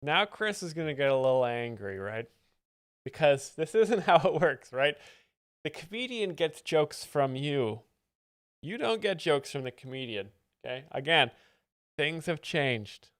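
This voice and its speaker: Dry, clear-voiced stream host. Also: male voice, a little high, sing-song, measured pace, fairly bright tone, no room sound. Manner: dry, mock-professorial asides. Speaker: host explaining jokes. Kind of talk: live stream commentary.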